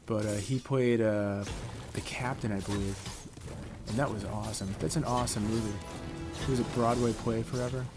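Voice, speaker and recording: A middle-aged man from Connecticut giving chatty, rambling, laid-back commentary while playing a video game. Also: mid-range voice. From Connecticut, USA. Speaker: gaming YouTuber. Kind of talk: casual gameplay commentary. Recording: clear background noise.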